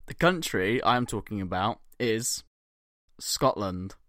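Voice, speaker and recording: A man's voice: fairly low pitch, animated, a little slow, fairly bright tone, no room sound, studio quality. A man co-hosting a podcast in casual banter, profane and jokey, laughing often. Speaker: podcast co-host.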